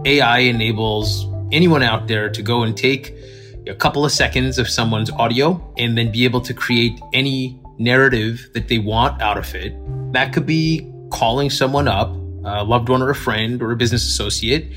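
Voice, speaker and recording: A man's voice: mid-range voice, moderate pace, fairly bright tone, soft background music. A man being interviewed as a technology expert, explaining things in a conversational way with some fillers. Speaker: tech company executive guest. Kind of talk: interview answers.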